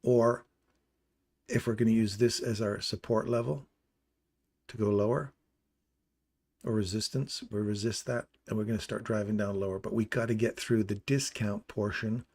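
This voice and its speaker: Host voice, male, lowish pitch, casual chart-walkthrough delivery, explanatory and conversational. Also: fairly even intonation, moderate pace, pauses often, a little mellow. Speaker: trading stream host. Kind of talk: live trading chart walkthrough.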